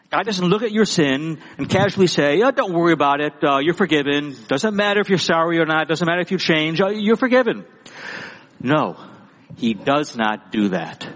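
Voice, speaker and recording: A pastor preaching a sermon with emphatic, repeated phrases. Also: male voice, a little high, slightly rough, long reverb tail, low-quality recording.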